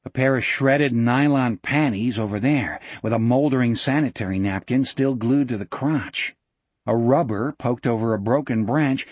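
A man reads a novel aloud as an audiobook narrator, steady and measured. His voice has a husky grain at a middle pitch. The recording is dry and close, with no room sound. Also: no echo. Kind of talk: scripted narration.

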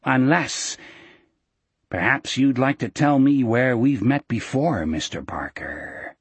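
A man's voice: medium pitch, expressive, slow pace, husky, dry recording, full character voice. A man voicing a cold, sanctimonious man in charge who gives menacing, pious orders. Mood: coldly probing.

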